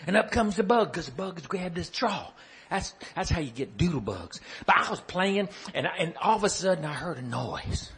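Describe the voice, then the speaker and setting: A man's voice: high-pitched, big pitch swings, normal speed, a bit bright. A man telling a folksy, playful story and chatting with his listeners with questions.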